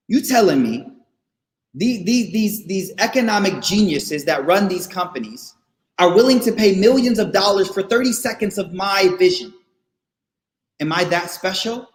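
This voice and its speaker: Male guest speaker, high-pitched, casual and animated with students, repeats lines for emphasis; echoey room sound. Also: moderate pace. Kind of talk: casual faith talk to students. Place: online session, room not known. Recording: roomy echo.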